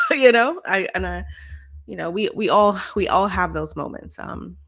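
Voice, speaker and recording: A woman talking candidly in a relaxed podcast chat, her voice swinging widely up and down as she tells a story. She laughs a lot, swears casually and puts on her own angry outbursts. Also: mid-range voice, a little slow. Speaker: podcast co-host.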